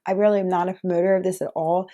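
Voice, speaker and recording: Chatty young woman with a mellow voice. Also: on the low side, little pitch movement, very fast. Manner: chatty, lots of "like" fillers, frequent laughs. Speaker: vlogger. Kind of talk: casual storytelling to camera.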